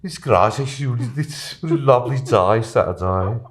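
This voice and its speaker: A man's voice: mid-range voice, animated, normal speed. A man and podcast guest telling a casual, rambling story, chuckling and dropping plenty of "you know"s.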